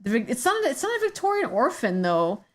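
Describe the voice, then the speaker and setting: A woman's voice: on the high side, sing-song, fairly quick. A woman streamer chatting casually while she draws, rambling with many fillers and hesitations. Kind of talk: casual chat while drawing.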